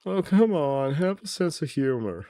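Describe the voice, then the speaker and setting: A man's voice: a little high, sing-song, measured pace, dark tone, no echo, studio quality. A man hosting a podcast, recapping in a casual, mocking, profane, rambling way. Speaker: podcast host. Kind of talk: casual comedic wrestling recap.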